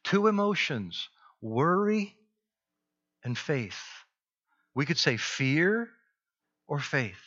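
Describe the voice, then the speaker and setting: A man preaching a sermon, emphatic, with dramatic pauses and repeated key phrases. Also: fairly high pitch, sing-song, a bit bright, highs cut off. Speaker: pastor.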